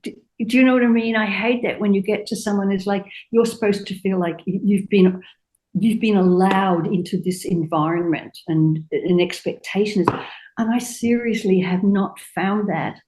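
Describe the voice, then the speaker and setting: An older woman, a fashion designer, telling anecdotes in an interview and acting out quotes in a higher voice. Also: normal speed, rough recording. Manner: animated anecdotes, acts out quotes in a high voice. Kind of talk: storytelling interview chat.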